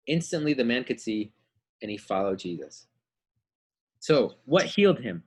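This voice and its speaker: Male Bible teacher for children, husky, acts out characters. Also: medium pitch, sing-song, normal speed, long pauses. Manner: acts out story voices, asks kids questions.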